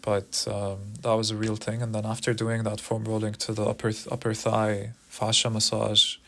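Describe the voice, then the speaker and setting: A man's voice: on the low side, completely flat delivery, normal speed, creaky, sharp tone, a little hiss or hum. A young man telling a personal story in a rambling, profane, casual way, often repeating words.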